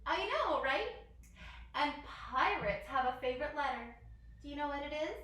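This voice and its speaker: A woman's voice: sits high, animated, normal speed, sharp tone. A young woman leading a children's yoga class, bubbly and encouraging, making animal sounds along the way. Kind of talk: guided kids' yoga class. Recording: very echoey room from far off.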